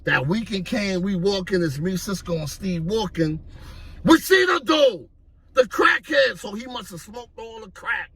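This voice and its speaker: A man from Harlem, telling street stories in an animated way and acting out the voices. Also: high voice, a little slow, breathy edge. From Harlem, New York. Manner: animated, acts out voices, repeats "you know what I mean". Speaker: storyteller. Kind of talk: street storytelling vlog.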